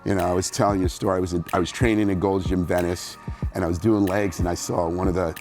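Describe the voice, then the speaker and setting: Middle-aged guy with a really low voice, animated storytelling in an interview, faint music behind. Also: fast. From New Jersey, USA. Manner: animated, acts out quoted voices. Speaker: guest bodybuilder.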